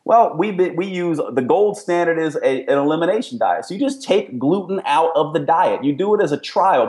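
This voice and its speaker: A man's voice: on the high side, darkish tone, reverberant. A middle-aged man, a nutrition expert and podcast guest, explaining his views in an emphatic, explanatory way. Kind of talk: podcast interview.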